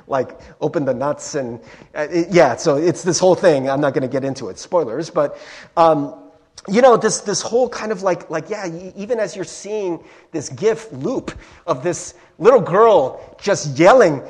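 A man's voice: high-pitched, breathy edge. A young man preaching a casual sermon as pastor, chatty and self-deprecating with lots of fillers.

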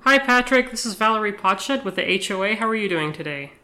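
A woman with a bright, crisp voice places a prank call. She sounds cheerful and official, like a clerk reading an announcement. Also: medium pitch, animated, a little fast. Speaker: prank caller.

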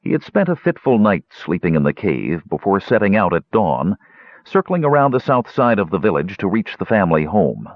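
A man reading a story aloud as narrator, with animated delivery. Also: low voice, moderate pace, no echo, lo-fi sound. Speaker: audiobook narrator. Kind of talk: scripted narration.

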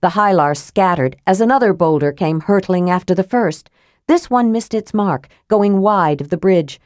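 A woman narrating a fantasy audiobook in a steady, measured storytelling manner. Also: mid-range voice, no room sound, studio quality.

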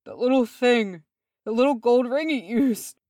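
Woman reader as older dwarf man, wheezy and short of breath, a touch high, dry booth sound. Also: unhurried, no echo, lightly acted. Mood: wheezing. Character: stout older male dwarf, frightened and gasping.

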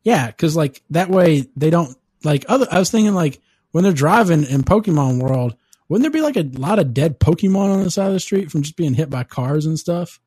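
A man's voice: on the high side, expressive, a little fast, a little mellow, husky, no echo. A man chatting casually as a podcast co-host, rambling and laid-back, cursing and laughing at his own ideas. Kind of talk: casual chat.

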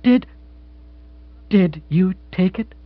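An impulsive, romantic woman who pleads in high, breathless cries, as a male narrator puts her on. Her voice is husky and lively. The recording is dry and a little dull. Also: very slow, no room sound, full character voice. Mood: overcome.

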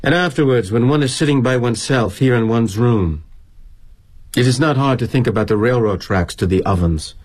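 A middle-aged actor playing a weary, guilt-ridden corporate executive in a dramatic monologue, wry and confiding. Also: male voice, mid-range voice, moderate pace, breathy edge, natural voice.

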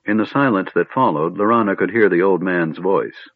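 A man narrating an audiobook in an expressive storytelling manner. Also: deep voice, moderate pace, dry recording. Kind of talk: scripted narration. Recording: tinny phone-like, dry.

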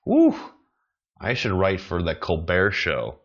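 A man's voice: sits low, normal speed, muffled recording. A man from the United States hosting a solo comedy podcast, meandering and chuckling at his own jokes. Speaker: podcast host, amateur comedian. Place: apartment in China.

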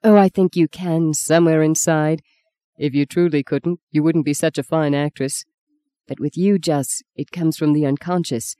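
An audiobook reader voicing a gentle, kind young priest who talks in a soft, reassuring way. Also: medium pitch, fairly even intonation, moderate pace, clean tone, no echo, close to an everyday voice. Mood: reflective. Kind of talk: audiobook reading.

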